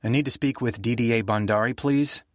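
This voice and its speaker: A man voicing a tense, grieving former professor who speaks in a quiet, controlled way in an audiobook. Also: medium pitch, a little fast, no room sound, studio quality, natural voice. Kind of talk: audiobook character voice.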